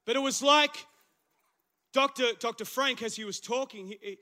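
A man with an Australian accent preaching a casual, animated sermon in church, his voice husky from the flu. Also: very high voice, moderate pace. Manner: conversational, animated preaching with slang asides. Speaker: pastor. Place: church service.

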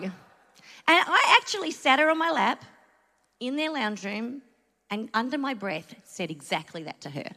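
A woman's voice: sits high, very animated, moderate pace, bright, forceful tone. A middle-aged Australian woman giving a sermon, telling a personal story in a chatty, earnest way with asides. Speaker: church speaker. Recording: long hall reverb.

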